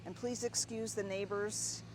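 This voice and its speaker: A woman with a mid-range voice strolls through her home garden outdoors, chatting casually about what's blooming and getting openly excited over her plants. A faint hum of outdoor noise sits behind her. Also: mid-range voice, a little slow. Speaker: gardening vlogger. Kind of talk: casual garden tour narration.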